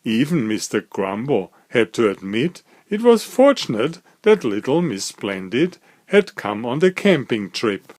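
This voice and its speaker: A man reading a children's picture book aloud, with slow, lively storytelling. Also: medium pitch. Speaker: storybook reader.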